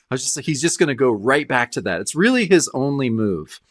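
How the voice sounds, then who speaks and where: Guy cohosting a comics podcast, super expressive pitch, dry mic, reads panel lines out. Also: fast, hardly any pauses, no room sound. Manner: animated, acts out comic panel dialogue. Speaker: podcast co-host. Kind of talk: casual comic review chat.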